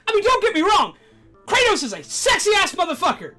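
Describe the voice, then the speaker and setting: A woman's voice: extremely high pitch, wildly swooping pitch, fairly quick, music in the background. A woman hosting a game stream, ranting in casual chat, swearing freely and laughing between points. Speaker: streamer host.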